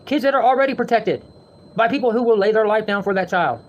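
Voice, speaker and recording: A man with a high voice rants at his viewers at a rapid clip. He is heated, defensive and swears freely while he talks from his home. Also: lo-fi sound. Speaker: vlogger. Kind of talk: ranting monologue to viewers.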